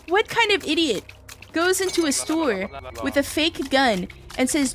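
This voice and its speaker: A woman streamer commentating a horror game live, reacting loudly and swearing often as she chats. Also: sits high, a little slow. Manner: loud animated reactions, frequent swearing; chatty, thanks viewers in passing.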